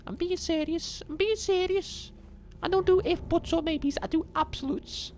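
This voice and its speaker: Squeaky cocky Scouse lad. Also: male voice, moderate pace, a little hiss or hum. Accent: put-on Scouse. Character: brash high-pitched Liverpool man, cocky and blunt.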